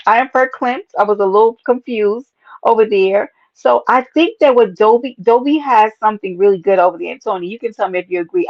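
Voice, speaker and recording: A woman hosting a casual livestream, talking straight to her viewers, playful and animated, greeting people from the chat. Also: medium pitch, no room sound, lo-fi sound. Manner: animated, playful, talks to chat as baby and y'all. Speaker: livestream host.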